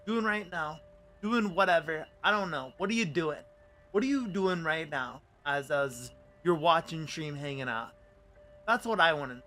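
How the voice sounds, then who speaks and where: A man's voice: sits high, fairly bright tone. A man streaming live, chatting with viewers in a rambling, playful way. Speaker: VTuber streamer. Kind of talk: casual livestream chat.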